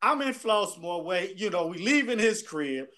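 A man co-hosting a podcast, telling profane, animated stories in casual chat and acting out what people said. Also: high-pitched, moderate pace. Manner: animated, profane storytelling with voiced quotes. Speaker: podcast co-host.

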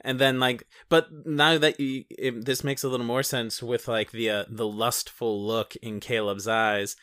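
A man co-hosts a loose, profane film chat with a bright, forward voice. He laughs easily and slips into acted-out quotes. The sound is dry and close, with no room around it. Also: medium pitch, fairly even intonation, measured pace, no echo. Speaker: podcast co-host. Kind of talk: casual film discussion chat.

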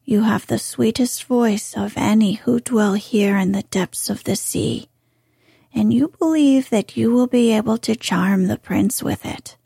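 A woman voicing a scheming, ancient sea witch in whispered role-play, speaking softly and slowly. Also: on the high side, creaky, slightly rough, dry recording, clean studio sound, full character voice. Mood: demanding. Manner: soft, slow whispering.

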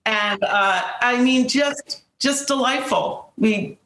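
A woman guest telling a lively anecdote in casual talk, acting out the people she quotes. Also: on the high side, slow pace, echoey room. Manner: animated storyteller, acts out quotes.

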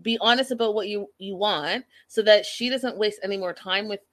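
A woman's voice: medium pitch, normal speed, a bit bright. Chatty woman recapping a reality show. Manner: chatty, opinionated, lots of "like" and "you know". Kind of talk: casual episode recap.

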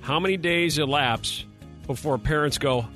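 A man's voice: fairly high pitch, fairly bright tone, soft background music. A man hosting a morning radio show, bantering playfully with co-hosts and callers. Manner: playful, quick with jokes.

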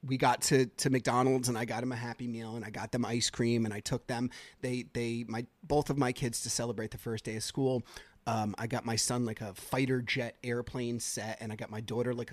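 A man's voice: medium pitch, no echo. A man hosting his own podcast, telling a personal story in a casual, rambling way with lots of fillers and restarts. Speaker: podcast host.

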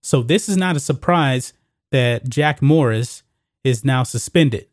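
A man's voice: medium pitch, measured pace, dry recording, studio quality. A man hosting opinionated sports commentary, emphatic and repetitive, calling viewers guys.

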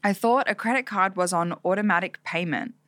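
A young woman co-hosting a podcast in casual chat, animated and swearing freely. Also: mid-range voice, brisk, no room sound, clean studio sound. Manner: animated, swears freely, acts out quotes in exaggerated voices. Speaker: podcast co-host.

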